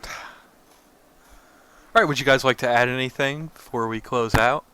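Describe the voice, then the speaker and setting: A young man co-hosting a podcast, chatting casually about games in a relaxed, rambling way. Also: mid-range voice, moderate pace, a little hiss or hum. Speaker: podcast co-host. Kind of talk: casual gaming chat.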